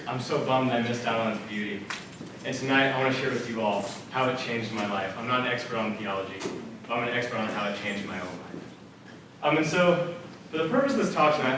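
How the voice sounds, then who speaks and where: A man's voice: medium pitch, fairly bright tone, a little hiss or hum. A young man giving a casual, earnest personal faith talk to students, telling stories with plenty of "like" and "um". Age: young adult. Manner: casual, earnest storytelling with fillers. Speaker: student speaker. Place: multipurpose room at a church center. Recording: very echoey room from far off.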